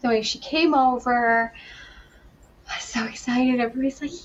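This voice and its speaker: A woman's voice: high voice, animated, a little slow, a little hiss or hum. A young adult woman, a podcast guest, telling her story in a chatty, casual way, laughing often and acting out what she said back then. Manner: chatty, laughs often, acts out her own past lines. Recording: dull lo-fi sound.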